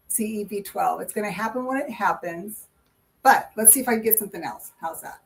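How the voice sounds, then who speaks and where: A woman's voice: mid-range voice, a little fast, vocal fry, rough recording. A woman giving a live tarot reading in casual, rambling chat, laughing often. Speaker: tarot reader and co-host.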